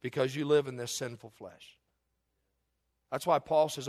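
A man preaching a sermon, telling stories in lively, emphatic bursts. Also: moderate pace. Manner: animated storytelling with sudden loud high bursts. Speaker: pastor.

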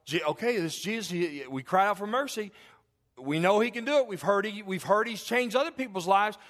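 Folksy, animated man preaching a sermon. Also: high voice, fairly quick. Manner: folksy, animated storytelling with repeated restarts; talks directly to listeners with questions.

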